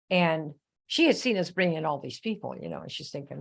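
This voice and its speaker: A woman hosting a live coaching session, telling a story in a chatty, animated way and turning to viewers with questions. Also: fairly low pitch, normal speed, gravelly, husky. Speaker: host. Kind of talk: live online coaching talk.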